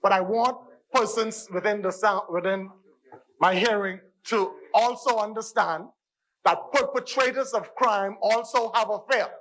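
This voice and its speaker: A Bahamian-accented man speaks in a parliamentary debate with a high, forceful voice. He drives his points home, circling back to the same phrases and addressing the chair again and again. He is in a parliament chamber. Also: a little slow, low-quality recording. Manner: emphatic, repeats "Mister Speaker" and phrases for stress. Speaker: member of parliament.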